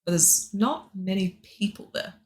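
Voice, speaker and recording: A woman's voice: medium pitch, a little slow, a little mellow. A woman with an Australian accent, a historian guest in a podcast interview, talking with witty, dry humor. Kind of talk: casual interview chat.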